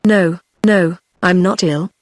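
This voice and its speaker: A text-to-speech voice reading the lines of a quiet, resigned young woman, in the same even machine delivery. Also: medium pitch, takes it slowly, no room sound, clean studio sound. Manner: same even synthetic read as narration.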